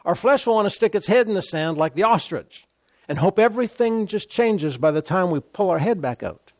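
Emphatic male preacher, slightly high voice. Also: animated, brisk, darkish tone, no room sound, studio quality. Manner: emphatic, repeats key phrases. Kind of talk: sermon.

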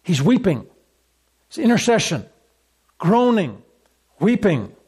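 High-pitched guy preaching a sermon, hammering the same points over and over. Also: very animated, takes it slowly, a little mellow, slightly rough. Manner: emphatic, repetitive preaching with acted quotes.

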